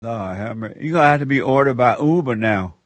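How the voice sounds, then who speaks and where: A man's voice: medium pitch, animated, fast talker, no room sound. A man hosting a call-in radio show, rambling and laughing as he gives spiritual counsel.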